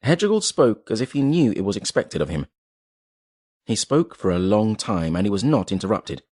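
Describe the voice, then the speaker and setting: A man reading a novel aloud in measured, dramatic storytelling narration. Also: lowish voice, sing-song, darkish tone, slightly rough, no room sound, studio quality. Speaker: audiobook narrator. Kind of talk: scripted narration.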